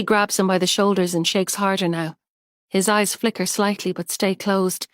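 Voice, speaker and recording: A woman's voice: medium pitch, fairly even intonation, normal speed, no room sound, studio quality. Woman narrating a tense thriller. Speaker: audiobook narrator. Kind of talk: scripted narration.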